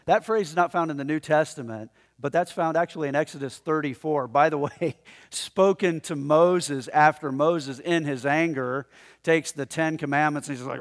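A man with a medium-pitched voice preaches a sermon at a moderate pace, sounding conversational and animated. He chuckles often as he addresses the congregation in the room, and long hall reverb fills the recording.

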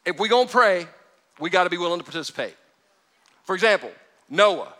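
A man preaching a sermon to a live audience, animated and joking, swinging between hushed, drawn-out lines and loud bursts. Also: high-pitched. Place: church hall with a live audience.

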